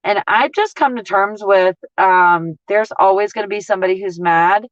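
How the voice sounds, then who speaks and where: A woman, ranting in a casual livestream as a couponing vlogger, blunt, profane and animated as she tells stories. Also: medium pitch, moderate pace, no echo, highs cut off.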